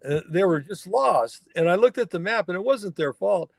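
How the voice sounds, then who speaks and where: A man's voice: sits high, animated, normal speed, gravelly, dry recording. Folksy older man, dry close mic. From Northern California mountains. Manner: folksy, emphatic, acts out dialogue in anecdotes. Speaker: guest, wild horse fire researcher. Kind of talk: conversational storytelling interview.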